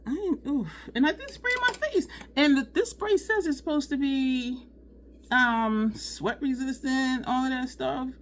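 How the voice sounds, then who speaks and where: A woman's voice: high voice, unhurried, a little hiss or hum. A woman chatting casually through a makeup tutorial at home, sweating and talking to her viewers as "y'all". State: sweating, overheated. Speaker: beauty vlogger.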